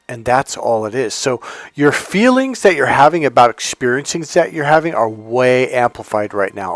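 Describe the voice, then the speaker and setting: A man with a medium-pitched voice speaks off the cuff to camera as a life coach, giving an unscripted motivational talk. He often restarts and hunts for words. The recording is dry.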